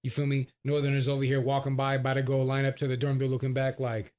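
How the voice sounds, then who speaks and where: A man's voice: medium pitch, little pitch movement, quick pace, few pauses, darkish tone. A man, a podcast co-host telling stories in a casual, slangy, laid-back way. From San Francisco Bay Area. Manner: slangy, laid-back, acts out quoted people. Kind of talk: casual storytelling chat.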